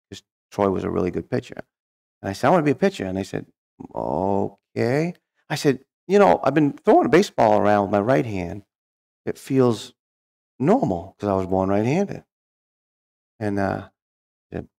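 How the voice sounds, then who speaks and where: A man's voice: on the low side, vocal fry, a little mellow. A middle-aged man telling his life story as a guest speaker, folksy and humorous, acting out the voices of people he quotes. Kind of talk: storytelling testimony.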